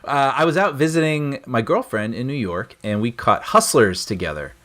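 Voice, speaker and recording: Male podcast co-host, lively pitch, animated anecdote teller, quick laughs. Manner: animated storyteller, laughs often. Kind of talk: casual chat, anecdote telling.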